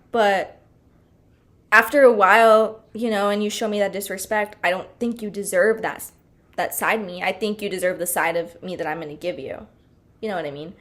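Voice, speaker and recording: A young woman hosting a podcast, talking casually in a chatty, bubbly, fired-up way with lots of fillers and laughter. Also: mid-range voice. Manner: frank and fired-up, with frequent laughter. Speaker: podcast host.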